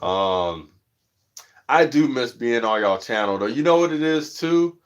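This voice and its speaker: A man hosting his own livestream in loose, slangy casual chat, animated when he tells a story and a bit stuffy from allergies. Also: measured pace. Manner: animated storytelling, jumps high when quoting others; slangy, says "you know what I'm saying" often. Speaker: livestream host.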